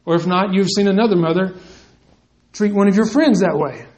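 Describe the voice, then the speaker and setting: High-voiced preacher addressing the men. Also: male voice, fairly quick, a little mellow, poor audio. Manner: conversational, addresses the men directly, acts out quotes. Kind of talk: sermon with scripture reading.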